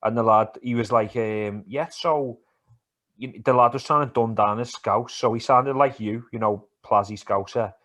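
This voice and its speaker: A man co-hosting a podcast, chatting in a sweary, animated, teasing way. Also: fairly low pitch, moderate pace, few pauses. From England. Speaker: podcast co-host. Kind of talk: casual banter about football and MMA.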